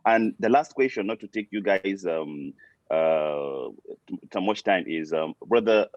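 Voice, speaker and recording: A man's voice: sits low, lively intonation, measured pace, darkish tone, no room sound, dull audio. A man asking a question over a video call from his car, talking hesitantly and repeating words. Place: parked car. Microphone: video call on phone.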